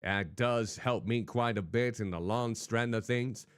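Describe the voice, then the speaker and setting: A man's voice: mid-range voice, a little slow, clear, resonant tone, no echo, studio quality. A man streaming a game, talking in a put-on hardboiled noir private-eye voice and chatting with his viewers. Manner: chatty, greets viewers by name. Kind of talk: live game-stream commentary. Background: faint background music.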